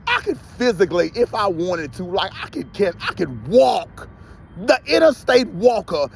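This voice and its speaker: Gravelly, animated ranting man. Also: high-pitched, a little slow, a little hiss or hum. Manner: heated, profane, repetitive ranting. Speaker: vlogger. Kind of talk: ranting monologue to camera.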